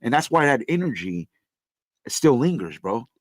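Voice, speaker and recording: A man's voice: medium pitch, sing-song, moderate pace, no room sound. A man on a casual podcast, blunt and repetitive, calling people bro as he makes his points. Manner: blunt, repeats points, says bro a lot. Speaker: co-host.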